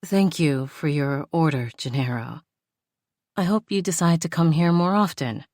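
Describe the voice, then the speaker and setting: A woman's voice: low-pitched, animated, measured pace, a little mellow, no echo, full character voice. Woman as a flustered store owner, polite, eager to please, dry close sound.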